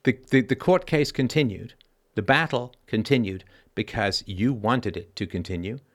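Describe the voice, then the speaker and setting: A man's voice: on the low side, normal speed. A man hosting a call-in advice show, lecturing emphatically and asking probing questions.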